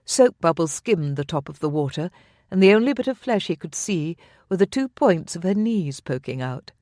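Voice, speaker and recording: Brief: audiobook narrator, measured and intimate, mid pitch, very dry studio sound. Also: animated, darkish tone, dry recording. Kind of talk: scripted narration.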